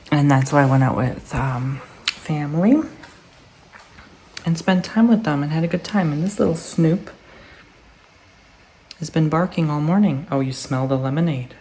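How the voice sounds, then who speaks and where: A man's voice: fairly high pitch, fairly even intonation, a little slow, long pauses, darkish tone, a little hiss or hum. A man vlogging casually at home, chatting to the viewer and cooing at his pets in baby talk. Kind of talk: casual follow-me-around vlog. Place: indoors at home, office area.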